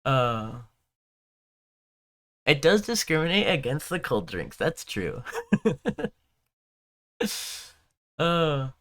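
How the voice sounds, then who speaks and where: A streamer leans into a Southern Californian valley-girl drawl, stretching words out slowly while the pitch swings up and down. The talk is loose and chatty, packed with "like" and "you know" and breaking into laughs often. It sounds like a relaxed home stream on a close desk mic. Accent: Southern Californian, Valley Girl style. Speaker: game streamer. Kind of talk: casual live-stream chat.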